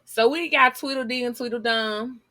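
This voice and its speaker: A woman's voice: fairly high pitch, moderate pace, pushed and bright, no echo. A woman giving blunt, sassy commentary while reading news articles aloud to her viewers.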